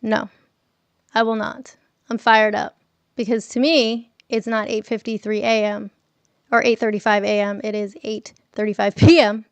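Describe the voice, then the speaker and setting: A woman's voice: medium pitch, little pitch movement, normal speed, vocal fry, smooth, no room sound. A woman hosting a casual morning livestream from home, chatting with viewers and reading their messages aloud, laughing often. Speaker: livestream host.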